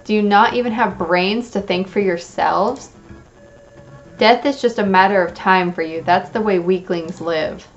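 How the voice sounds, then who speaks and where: A woman's voice: medium pitch, unhurried, close to an everyday voice. A woman voicing a cruel, sneering young man in a game, reading his lines with mocking contempt. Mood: contemptuous. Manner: mocking, cackling. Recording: dull lo-fi audio, faint game music.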